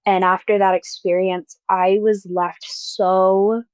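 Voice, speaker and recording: A young adult woman on close mic, telling a personal story as an interview guest in a soft, hesitant way, with many likes and restarts. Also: mid-range voice, little pitch movement, takes it slowly, smooth, dry recording. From Mormon-majority town in the US.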